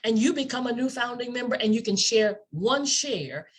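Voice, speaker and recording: A woman's voice: a little high, expressive, normal speed, breathy edge. A woman giving an enthusiastic sales presentation, asking the listener rhetorical questions and repeating words for emphasis. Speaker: company presenter.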